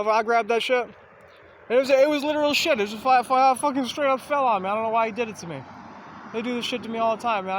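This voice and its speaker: A man's voice: high-pitched, slight background noise. Profane, rambling man talking outdoors. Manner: profane, meandering, self-aware. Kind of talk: rambling casual monologue.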